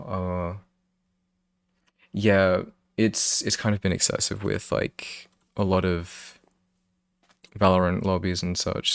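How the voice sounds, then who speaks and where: Young british man, gravelly low voice, slow rambling chat, dry sound. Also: no echo. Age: young adult. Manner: rambling, self-interrupting, laughs often. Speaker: streamer. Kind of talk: casual chat with stream chat.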